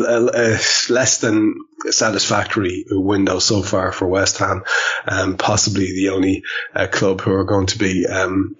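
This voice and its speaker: Husky low-voiced man hosting a podcast. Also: dull audio. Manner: hesitant, many fillers. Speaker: podcast co-host. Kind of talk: casual football podcast chat.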